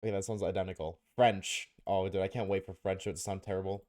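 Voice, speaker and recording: A man's voice: sits low, little pitch movement, quick pace, a little mellow. A man streaming live, chatting casually and joking with his viewers, often laughing.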